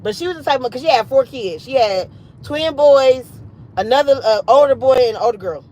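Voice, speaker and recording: A woman in her late thirties telling a story on a livestream in an animated, emphatic, foul-mouthed way. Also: high-pitched, brisk, poor audio. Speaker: livestream host.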